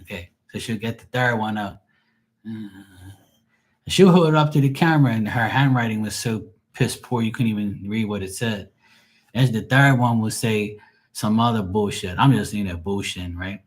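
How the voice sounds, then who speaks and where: A man's voice: fairly low pitch, moderate pace. Blunt, foul-mouthed man telling stories. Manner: blunt, profane storytelling. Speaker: tarot reader and medium. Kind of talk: casual livestream chat.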